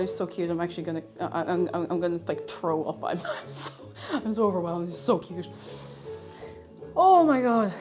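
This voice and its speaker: A young woman, chatting casually on a live stream and gushing over a cute figurine. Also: fairly low pitch. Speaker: livestreamer. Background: faint game music.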